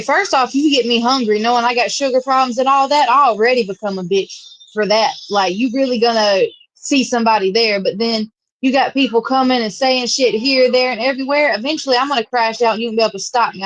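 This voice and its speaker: Frank female co-host, slightly high, dry and close. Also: quick pace, no echo, poor audio. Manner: blunt, frank. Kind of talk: casual chat.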